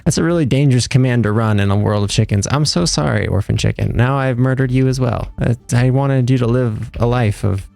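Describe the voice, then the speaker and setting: Young male streamer, gravelly fry, dry close sound, rambling and joking with chat. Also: medium pitch, a little fast, hardly any pauses, dark tone, no room sound, faint music behind. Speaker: livestreamer. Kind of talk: casual live gameplay chat.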